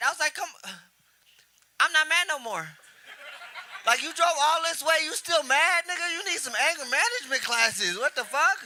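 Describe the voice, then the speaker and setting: A man in his twenties doing a profane stand-up comedy set, telling stories and shouting out quoted lines. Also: very high voice, lively intonation, brisk, slight background noise. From Houston area. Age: 20s. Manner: brash, profane storytelling with loud acted-out quotes. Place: comedy club stage.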